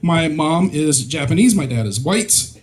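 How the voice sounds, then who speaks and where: A man's voice: a little high, lively intonation, unhurried, a little hiss or hum. A man from Mississippi doing a stand-up comedy set into a stage mic, hesitant with lots of ums and self-deprecating jokes. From Mississippi, USA.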